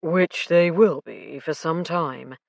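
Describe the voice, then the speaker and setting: A woman narrator voicing a calm middle-aged male police detective who speaks mildly and grimly. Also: on the low side, moderate pace, no room sound, close to an everyday voice. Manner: mild, grim.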